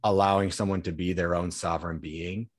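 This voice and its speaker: A man's voice: deep voice, fairly even intonation, a little fast, no echo, clean studio sound. A man hosting a podcast in casual conversation, easygoing and earnest, with many fillers like "um" and "like". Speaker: podcast host.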